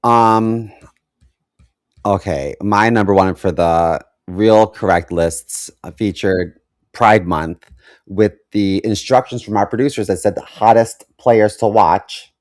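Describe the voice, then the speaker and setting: A man's voice: low-pitched, unhurried, no echo, studio quality. A man co-hosting a podcast in casual chat, hesitant with many ums and wry asides. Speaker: podcast co-host.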